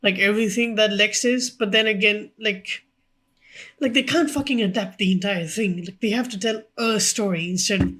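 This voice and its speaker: A podcast co-host in casual film chat, talking quickly and informally, with frequent "like"s and swearing. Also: medium pitch, fairly bright tone.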